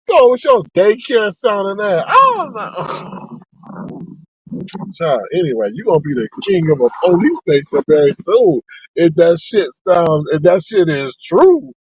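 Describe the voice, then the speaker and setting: A man rants sassily to his live-stream chat, his voice jumping from low grumbles to high squeals. The sound is close and dry, with no room echo. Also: normal speed, lo-fi sound. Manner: sassy and animated, with sharp pitch swings. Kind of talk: ranting live-stream commentary.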